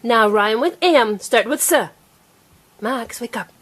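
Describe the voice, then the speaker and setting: A young woman patiently teaching her small child to read, sounding out each word slowly and clearly. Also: fairly high pitch, expressive, fairly bright tone. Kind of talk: reading lesson with a preschooler.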